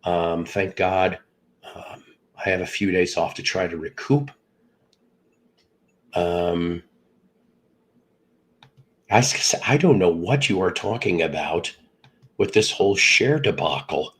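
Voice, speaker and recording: A man's voice: low voice, slow pace, long pauses, husky, low-quality recording. A middle-aged man who hosts a live stream, sounds congested from illness, and rambles with jokes as he greets viewers by name. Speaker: livestream host. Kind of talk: casual live chat with viewers.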